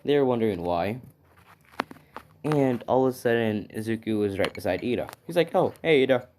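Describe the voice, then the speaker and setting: A man with a lowish voice casually telling a made-up story at home, rambling along with fillers and little check-ins. A faint hiss runs under the recording. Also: lively intonation, normal speed. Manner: rambling, lots of fillers and "right?". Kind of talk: casual retelling of a fan story. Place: at home with his dog.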